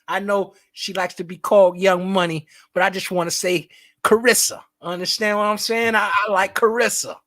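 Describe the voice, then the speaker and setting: A man's voice: high-pitched, level tone, normal speed, fairly bright tone. A man co-hosting a casual live stream, joking and freestyling at times and speaking earnestly at others, often repeating words as he stumbles. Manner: playful, riffing and freestyling, then earnest. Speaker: co-host.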